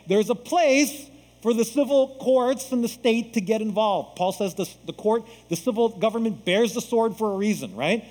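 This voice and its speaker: A man from the United States preaching a sermon as a pastor, acting out quoted voices in an animated way. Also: high voice, moderate pace, big-room sound, low-quality recording.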